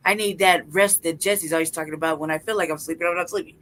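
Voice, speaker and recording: A young woman co-hosting a podcast tells stories in casual chat, swearing a lot and laughing often in an animated way. Her voice is lowish and she talks fast, and the rough recording has slight background noise.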